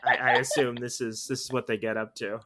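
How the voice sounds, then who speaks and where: A man co-hosting a podcast, chatting casually and joking quickly. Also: medium pitch, flat delivery, fairly bright tone. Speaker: podcast co-host. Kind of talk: casual chat.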